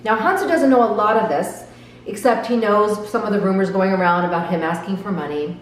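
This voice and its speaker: A woman's voice: mid-range voice, fairly quick, distant mic, slight background noise. A woman giving earnest, reflective commentary on a drama episode, often asking her viewers direct questions. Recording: echoey room, voice off-mic, faint background.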